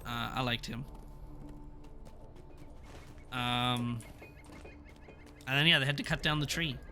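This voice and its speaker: A man's voice: mid-range voice, slow, bright, forceful tone, soft background music. A young man chatting casually on a live stream, reviewing a TV episode in a rambling, laughing way. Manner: rambling, self-interrupting, laughs often.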